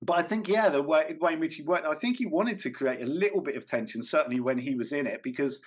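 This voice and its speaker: A man's voice: on the high side, fast, slightly rough. A man being interviewed as a comedian and actor, talking casually and hesitantly with many fillers, restarts and small laughs. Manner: rambling, hesitant, frequent fillers and self-corrections, laughs often. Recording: dull lo-fi recording.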